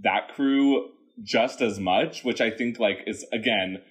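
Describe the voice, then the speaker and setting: Man, podcast co-host, casual chat, enthusiastic, laughs a lot, lowish voice. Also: slow pace. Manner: enthusiastic, laughs easily, hesitant restarts. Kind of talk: casual chat about musicals.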